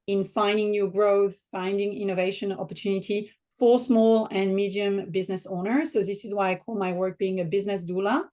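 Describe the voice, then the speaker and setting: A woman in her forties from the south of France with a French accent, answering interview questions as a podcast guest in a measured, reflective way. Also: medium pitch, steady tone, mellow.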